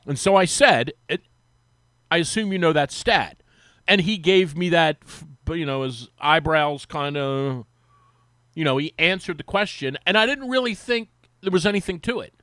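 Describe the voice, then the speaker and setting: A man on sports radio telling a long anecdote in casual chat, acting out the quotes with a rising, lively voice. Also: a little high, normal speed, no echo. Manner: animated, acts out quotes with rising voice. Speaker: sports radio guest, former team reporter. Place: radio studio.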